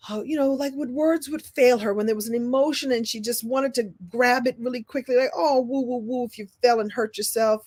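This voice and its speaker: A woman in her sixties from Brooklyn speaks as a storytelling coach. Her motivational talk is lively and goofy. She laughs often and drops into quick impressions. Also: on the high side. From Brooklyn, New York. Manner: playful, animated, laughs often, slips into impressions.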